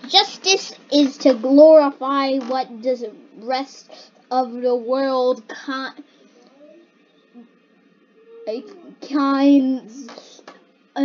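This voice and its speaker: A young kid casually reading odd quotes aloud and then puzzling over them, sounding bemused and giggly. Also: high-pitched. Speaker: video maker reacting to generated quotes. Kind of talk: casual reaction commentary. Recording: dull lo-fi home recording with faint hiss.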